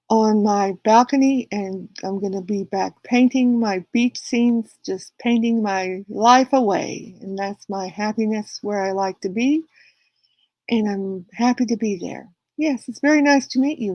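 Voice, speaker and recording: A woman livestream host with a mid-range voice speaks a little slowly, and the muffled recording has no echo. Chatty and rambling with frequent restarts, she tells her viewers a story about a quarrel, acting out both sides of the argument.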